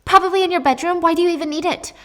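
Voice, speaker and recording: Whiny shrill mother voiced by a woman, self-pitying, high voice, fussy. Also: very fast.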